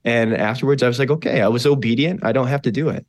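A man from western New York, a pastor talking as a podcast guest, telling his personal testimony in an earnest, animated way, with many fillers and restarts. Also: medium pitch, fast.

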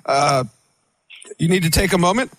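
Man, casual interview storyteller, high pitch, dry close sound, lots of restarts. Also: normal speed, a bit bright, no room sound. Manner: rambling storyteller with many restarts. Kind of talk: casual wrestling interview talk.

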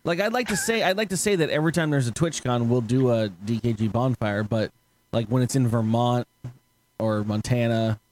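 A man's voice: mid-range voice, normal speed, a little mellow, a little hiss or hum. A man hosting a podcast, telling stories in casual chat, rambling, swearing and laughing often. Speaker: podcast host.

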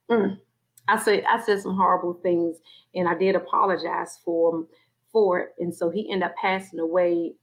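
A woman with a lowish voice shares her personal faith testimony as a guest in conversation, acting out her own inner voices as she goes. The recording is low quality.

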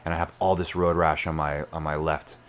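Very deep-voiced man telling a story. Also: fairly quick, slight background noise. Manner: animated, filler-heavy storytelling. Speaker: podcast guest. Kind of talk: storytelling in conversation.

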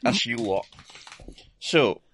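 A man's voice: medium pitch, animated, slow, a bit bright, slight background noise. A Scottish man chatting casually on a podcast, laughing often and swearing in a self-deprecating way. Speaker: podcast guest presenter. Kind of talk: casual chat.

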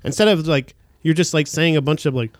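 A man's voice: on the high side, fairly quick, no room sound. A man co-hosting a casual chat, rambling with many fillers, swearing and laughing often. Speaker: podcast co-host.

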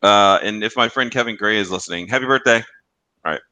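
A man's voice: fairly low pitch, quick pace, pushed and bright, no room sound. A man co-hosting a casual podcast, rambling through stories, laughing and swearing. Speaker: podcast co-host. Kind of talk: casual chat.

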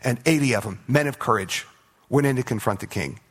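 A man's voice: medium pitch, brisk, slightly rough. A man preaching a sermon, retelling Bible stories with playful acted-out voices for the characters. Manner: animated storytelling, acts out biblical characters in playful voices. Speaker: pastor.

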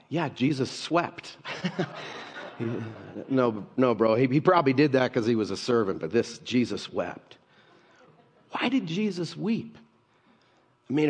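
A middle-aged man preaching a sermon in a conversational storytelling way, mixing jokes and asides into his teaching. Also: mid-range voice. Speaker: pastor. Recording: long hall reverb.

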